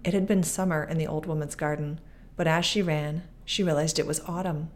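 Low-voiced woman reading a fairy tale. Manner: measured, expressive reading. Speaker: podcast guest reading aloud. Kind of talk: storybook narration.

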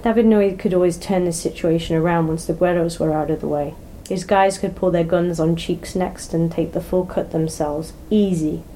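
A woman narrating a crime story in an even, measured storytelling manner. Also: on the low side, a little hiss or hum, low-quality recording. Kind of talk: audiobook narration.

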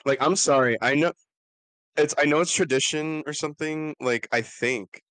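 A man's voice: on the high side, moderate pace, a bit bright, no echo. A man co-hosting a podcast, chatting casually and teasing, padding his points with "like" and apologetic asides. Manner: teasing, hedges with "like" and "I'm sorry". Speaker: podcast co-host. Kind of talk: casual chat.

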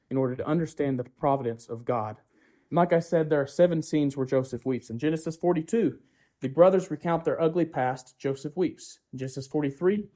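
A man's voice: fairly high pitch, dark tone. A man preaching a sermon who keeps asking the congregation rhetorical questions, often tagging "right?", and builds his points through repetition.

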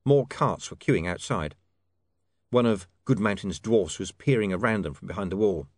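A man narrating an audiobook in a measured, expressive reading. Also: on the low side, dry recording.

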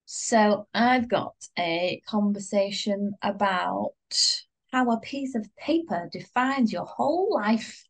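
A woman's voice: mid-range voice, animated, takes it slowly. Wry woman chatting. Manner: chatty, wry and exasperated, with laughter. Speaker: podcast co-host. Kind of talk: casual chat.

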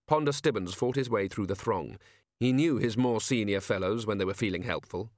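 A man narrating a comic fantasy audiobook in a lively, expressive reading. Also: on the low side, fairly quick, no room sound, studio quality. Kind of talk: scripted narration.

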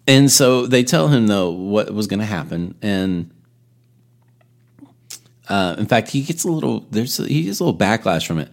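A man's voice: on the low side, lively intonation, normal speed, creaky. A man teaching a Bible lesson in a casual, storytelling way, with asides and restarts. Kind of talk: conversational sermon retelling scripture.

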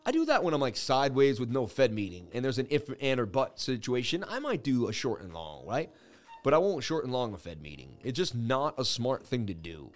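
A man's voice: medium pitch, sing-song, brisk. A man in his thirties hosting a crypto trading livestream, rambling through charts in casual chat and laughing at his own jokes.

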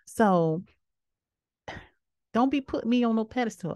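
A woman's voice: expressive, measured pace, pauses often, darkish tone, dry recording, clean studio sound. Sassy outspoken woman podcast host. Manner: sassy, outspoken, preachy asides; big swings between low murmurs and high exclamations. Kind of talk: casual opinion commentary.

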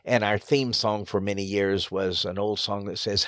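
A man's voice: fairly low pitch, fairly even intonation, moderate pace, fairly bright tone, no room sound, studio quality. A man, a pastor, telling stories in an interview in an earnest, emphatic way, his voice rising sharply on key phrases. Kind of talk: storytelling interview.

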